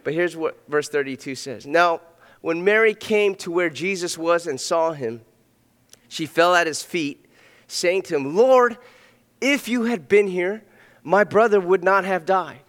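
A man preaching a sermon as pastor, earnest, swinging between loud emphatic passages and soft hushed ones. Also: high-pitched, animated, measured pace. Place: church sanctuary. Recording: long reverb of a hall.

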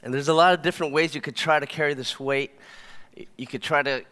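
A man's voice: a little high, steady tone, fast, fairly bright tone. A man preaching a sermon on a church stage, slightly out of breath, building to fervent emphasis and closing in prayer. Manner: demonstrates lifting a weight on stage, rising to fervent emphasis.

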